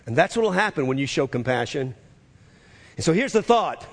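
A male pastor preaching a sermon, emphatic and repeating his key phrases, sometimes shouting them. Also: fairly high pitch, sing-song, normal speed. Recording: long reverb of a large hall.

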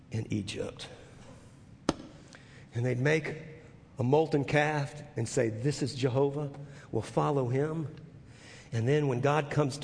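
A man preaching a sermon as pastor, emphatic and swinging from quiet to loud, often repeating words as he goes. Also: a little high, gravelly. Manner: repeats words and restarts phrases. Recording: long hall reverb.

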